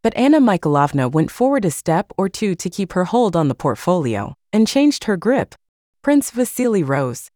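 A woman reading a classic novel aloud as an audiobook narrator, measured and expressive. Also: lowish voice, dry recording, studio quality.

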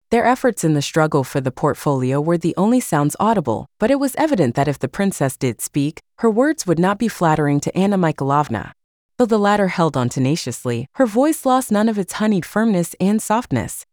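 A woman reading a classic novel aloud as an audiobook narrator, measured and expressive. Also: fairly low pitch, dry recording, clean studio sound.

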